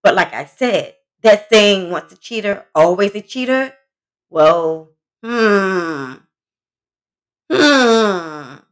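A woman's voice: mid-range voice, lively intonation, extremely slow. A woman hosting a solo podcast, giving relationship advice in a blunt, emphatic, conversational way and talking straight to her listeners. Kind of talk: casual solo podcast talk.

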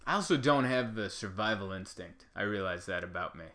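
A man delivering a rambling comedic monologue, animated and full of asides. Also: on the low side, a little fast.

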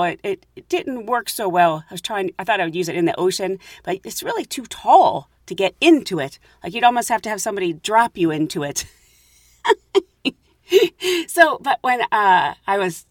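A woman's voice: mid-range voice, no room sound, clean studio sound. A woman casually telling funny personal stories, laughing often and acting out her own thoughts. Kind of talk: casual storytelling.

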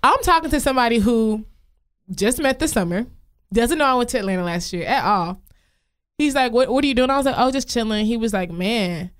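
A woman telling animated stories in a casual chat, acting out what people said. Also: fairly high pitch, brisk. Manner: animated storytelling, quotes people. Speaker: podcast co-host.

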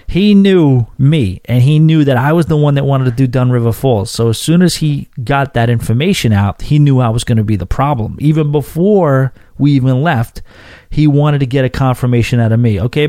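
Podcast host from New York, warm low-key tone, dry close sound, swearing rant with lots of restarts. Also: male voice, moderate pace, dry recording. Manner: animated, profane ranting with frequent restarts. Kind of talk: casual storytelling monologue.

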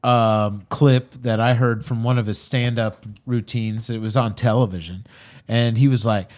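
A man's voice: medium pitch, fairly even intonation, moderate pace, a little mellow. A man co-hosting a casual podcast, giving his opinions in a rambling way, often repeating himself. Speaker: podcast co-host.

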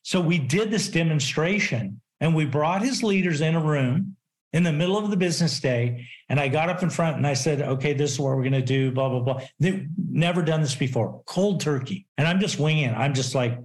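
A man's voice: a little high, brisk. A middle-aged man telling business stories as a podcast guest, acting out quotes with lots of restarts. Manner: animated storyteller, acts out quotes, frequent restarts. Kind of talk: casual interview storytelling.

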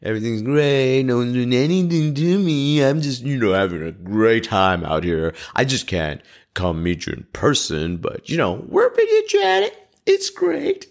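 A man mimicking a woman in a high falsetto, insisting in a forced cheerful sing-song that everything is fine. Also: huge pitch swings, moderate pace. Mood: fake cheerful.

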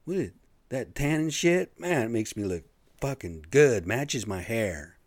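A man's voice: mid-range voice, expressive, unhurried, dry recording, voice pushed up. A man putting on the smug voice of a vain older man admiring himself. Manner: smug, self-satisfied.

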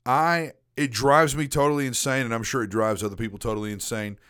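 A man's voice: mid-range voice, steady tone, a little fast, a bit bright, clear, resonant tone, no room sound, studio quality. A young man in casual podcast chat, joking crudely and stumbling a little when he starts a story. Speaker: podcast co-host.

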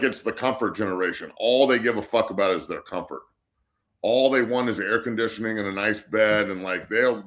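A man's voice: lowish voice, a bit bright. A middle-aged man ranting bluntly and profanely as a guest on a casual sports talk show. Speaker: guest co-host.

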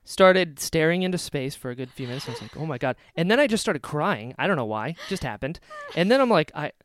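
A young man in his twenties co-hosting a podcast, breathless and emotional as he tells his story, with frequent sighs. His voice is smooth and clear, recorded close and dry. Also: on the high side, big pitch swings, fast talker, fairly bright tone, no room sound. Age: 20s. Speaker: podcast co-host. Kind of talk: casual chat.

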